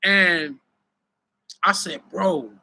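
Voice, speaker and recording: A young adult man who is a battle rapper, hosting a live stream with casual, profane, animated storytelling. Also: high-pitched, extremely slow, creaky.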